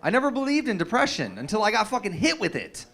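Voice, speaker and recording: A man's voice: sits high, wildly swooping pitch, quick pace, a bit bright. A young adult man doing a stand-up comedy set, telling stories in a loose, profane way with lots of fillers and restarts. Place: comedy stage with a live audience.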